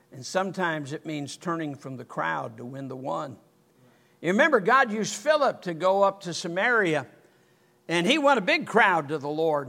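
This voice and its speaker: An older man preaching a sermon, telling a story in an animated way and rising to near-shouts. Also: fairly high pitch, creaky. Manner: animated, rises to near-shouting when excited. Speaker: pastor.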